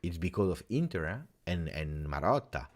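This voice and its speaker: A man's voice: low voice, moderate pace. A man hosting a live football reaction stream, reading viewer comments and thinking aloud with lots of "eh?" and "uh". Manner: animated, thinks aloud with many uhs and tag questions. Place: home streaming setup in Belgium.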